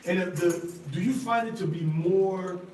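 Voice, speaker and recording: Slow, deliberate man teaching scripture. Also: high-pitched, darkish tone, slight background noise. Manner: slow and deliberate, asks the audience repeated questions, sounds out Hebrew words. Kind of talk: Bible study teaching. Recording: roomy sound from a distant mic with faint ambience.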